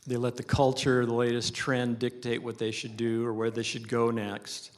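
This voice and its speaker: A man's voice: medium pitch, completely flat delivery, moderate pace. A man preaching a sermon as pastor, earnest and emphatic, leaning on repetition.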